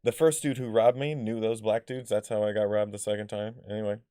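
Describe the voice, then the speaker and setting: Telling personal stories on his vlog, this man rambles casually, piling on fillers, restarting sentences, swearing bluntly and losing track of his point. His voice is on the low side, mellow and steady, moving fairly quickly. It's recorded cleanly in a studio with no echo.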